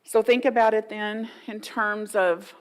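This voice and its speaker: A woman's voice: mid-range voice, fairly even intonation, a little slow, clean tone. A middle-aged woman, preaching a sermon in a folksy, playful way and acting out inner voices for the congregation. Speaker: guest minister.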